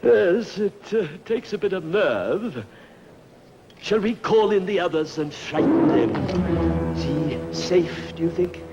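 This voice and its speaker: A nervous, pompous emperor. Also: male voice, sits high, lively intonation, slow pace, dull audio, very noisy, heavily acted. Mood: hesitant. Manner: hesitant, stammering, pompous. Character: nervous vain Roman emperor, middle-aged man. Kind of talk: 1950s film acting. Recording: old film soundtrack with orchestral score.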